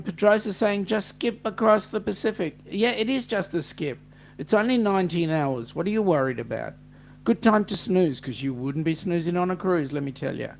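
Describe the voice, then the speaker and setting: A man's voice: sits high, a little hiss or hum. An Australian man hosting a casual live-stream chat, reading out viewer comments and greeting each by name. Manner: chatty, reads viewer comments aloud with g'days. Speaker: host.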